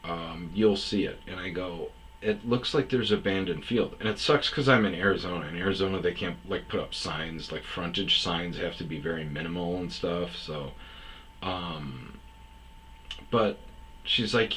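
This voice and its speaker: A man's voice: low voice, normal speed, fairly bright tone, a little hiss or hum, rough recording. A man telling a long personal story in a rambling, casual way, full of fillers and quoted back-and-forth. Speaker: podcast host telling stories.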